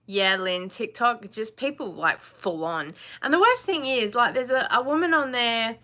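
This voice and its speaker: Woman in her forties, casual live chat host, bright clear tone, blunt and chatty. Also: fairly high pitch, lively intonation, normal speed. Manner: chatty, laughs often, blunt.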